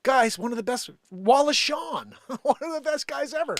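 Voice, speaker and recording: A man's voice: very high voice, expressive, moderate pace, a bit bright. A man hosting a live comedy stream, reading a news story in a playful mock radio-announcer style and laughing along. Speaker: live music and comedy show host.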